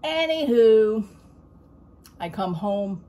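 A woman talking at home in a casual haul vlog, a rambling storyteller who keeps saying "I says" and turns loud and indignant over a grievance. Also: on the high side, animated, extremely slow, lo-fi sound, slight background noise. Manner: gets loud and indignant when telling a grievance. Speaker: vlogger.

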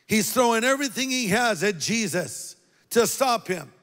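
High-voiced pastor preaching in a big hall. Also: male voice, lively intonation, moderate pace, a bit bright. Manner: conversational preaching, dropping low for quoted words and rising for emphasis. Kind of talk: sermon. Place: large church auditorium. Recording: long reverb of a large hall.

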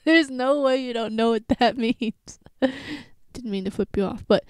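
A woman's voice: on the high side, a little slow, clear, resonant tone, no room sound. Young woman reacting, dry close sound. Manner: incredulous, laughing asides. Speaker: reaction video host. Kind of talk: casual reaction commentary.

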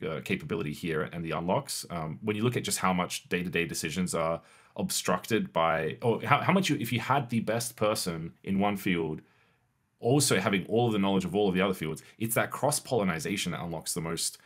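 A man's voice: low voice, a little fast, slightly rough. A man, co-hosting a casual tech podcast and talking through ideas with frequent restarts and laughs. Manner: conversational, many restarts, laughs often. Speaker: podcast co-host.

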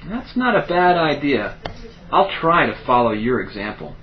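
A man's voice: mid-range voice, sing-song, moderate pace. A man speaking his lines in a scripted textbook dialogue, asking questions expressively. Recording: dull tape playback.

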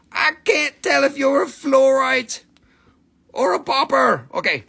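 Man, high voice, gravelly, rowdy joking seller, broken english, live sales patter. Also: sing-song, slow, pushed and bright. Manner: joking, rowdy, swears freely; broken, non-native English grammar. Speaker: host selling minerals on a live stream.

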